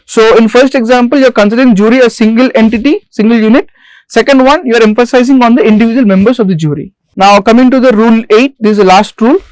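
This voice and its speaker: A man giving a recorded grammar lecture as a lecturer, stressing single words slowly and repeating each rule and example. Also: very high voice, clean tone, no room sound, low-quality recording. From India. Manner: repeats rules and examples deliberately. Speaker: English lecturer.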